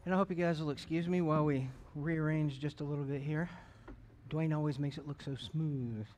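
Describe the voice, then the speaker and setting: A man's voice: fairly high pitch, darkish tone. A middle-aged man, an associate pastor in a church, praying and preaching in a folksy, joking way with many restarts. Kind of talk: church sermon and prayer. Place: church sanctuary.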